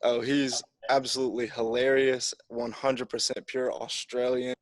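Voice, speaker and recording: Young man, college kicker, upbeat, easygoing, even-toned. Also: medium pitch, moderate pace, no room sound. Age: young adult. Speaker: college football place kicker. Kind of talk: press conference answers.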